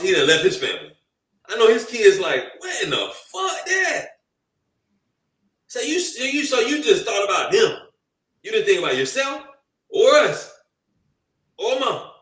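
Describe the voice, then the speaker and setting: Young male co-host, lively storyteller, high and swooping, recorded off-mic in a roomy space. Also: distant mic. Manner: animated, slangy storytelling with acted-out quotes. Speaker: podcast co-host. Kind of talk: casual group chat.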